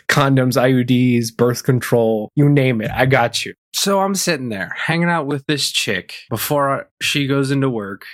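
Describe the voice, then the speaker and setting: A young man co-hosting a podcast, telling a story in a blunt, profane, animated way. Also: mid-range voice, measured pace, dry recording, clean studio sound. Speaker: podcast co-host. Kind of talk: casual storytelling rant.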